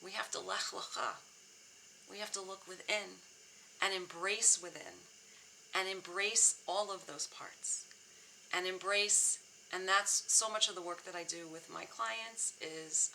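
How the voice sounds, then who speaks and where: A woman's voice: lowish voice, creaky, sharp tone, a little hiss or hum, low-quality recording. A middle-aged woman therapist sharing a personal story, speaking candidly and earnestly with frequent restarts, emotional at times. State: emotional, near tears. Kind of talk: personal reflective talk.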